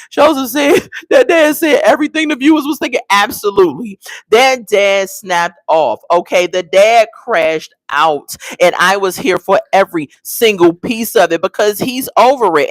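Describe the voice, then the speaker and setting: A woman in her forties recaps a reality show with blunt, sassy storytelling. Her pitch swoops up and down as she talks. The sound is dry and close, with no room echo. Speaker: reality TV reviewer. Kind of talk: casual recap commentary.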